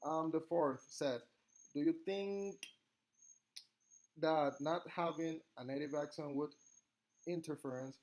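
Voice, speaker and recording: A young man with a Spanish accent, a native Spanish speaker from Latin America, giving an earnest, halting class presentation as a student. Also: on the high side, a little mellow, rough recording. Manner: earnest, halting, reads questions aloud.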